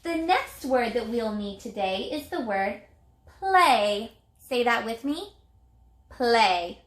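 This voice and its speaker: A woman teacher giving a reading lesson to young children, speaking clearly and sounding out words in a sing-song way. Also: a little high, expressive, unhurried, echoey room.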